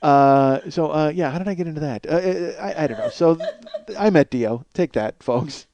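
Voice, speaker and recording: On a lo-fi recording, a man with a warm, somewhat high voice speaks at a moderate pace. He's a podcast host telling a long story from his home studio at night, in a casual, rambling, profane style heavy with filler.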